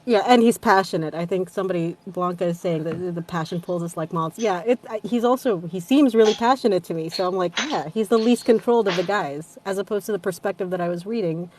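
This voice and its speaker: A woman's voice: fairly low pitch, fast, hardly any pauses, darkish tone, a little hiss or hum. A woman narrator of audiobooks in casual chat, laughing often and swearing casually.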